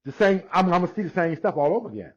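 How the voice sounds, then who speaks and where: A man in his sixties telling his personal testimony in conversation, unhurried, acting out the dialogue he quotes, with frequent restarts. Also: high voice, expressive. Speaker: guest sharing his testimony. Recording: dull lo-fi recording.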